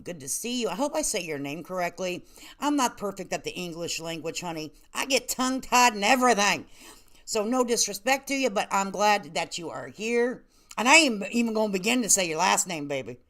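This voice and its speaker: A woman's voice: medium pitch, fairly bright tone. A woman hosting a casual live-stream commentary, talking in a sassy, blunt, teasing way. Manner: sassy, blunt, playful scolding.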